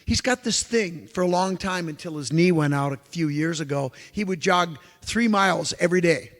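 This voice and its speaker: A man giving a lecture as an animated storyteller, who acts out the exclamations he quotes. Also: on the high side, moderate pace. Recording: long hall reverb.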